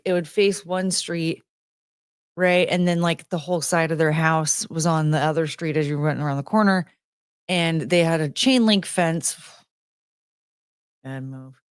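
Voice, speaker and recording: A woman streamer in casual chat, greeting viewers by name and rambling with giggles, fillers and restarts, jumping between high excited greetings and low mumbled asides. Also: measured pace, clear, resonant tone, no echo, studio quality. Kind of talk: casual chat reading out chat names.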